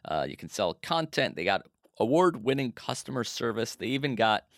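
A man's voice: mid-range voice, very animated, moderate pace, fairly bright tone, no room sound, clean studio sound. A man reading a podcast sponsor spot in an upbeat, joking chat. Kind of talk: ad read in chat.

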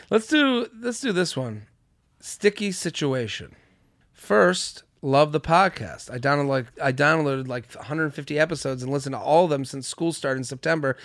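A man's voice: fairly high pitch, lively intonation, normal speed, a bit bright, no room sound, studio quality. A man hosting a casual podcast, reading listener emails aloud in a chatty way and laughing often. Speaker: podcast host.

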